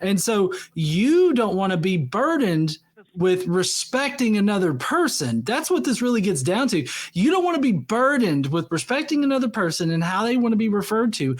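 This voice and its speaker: Blunt, exasperated high-voiced male co-host. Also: big pitch swings, normal speed. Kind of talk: call-in debate.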